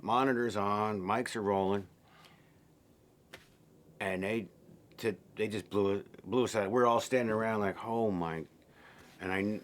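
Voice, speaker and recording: A man with a fairly low voice talks through how he made a film. His delivery is loose and unscripted, full of fillers and restarts. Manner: relaxed, rambling with fillers and restarts. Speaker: film director. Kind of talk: behind-the-scenes interview.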